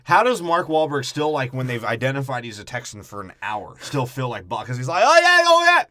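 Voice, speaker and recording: Crude joking podcast man, bright voice. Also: medium pitch, brisk. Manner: jokey, crude, puts on mocking quote voices. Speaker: podcast co-host. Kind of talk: casual crude movie riffing.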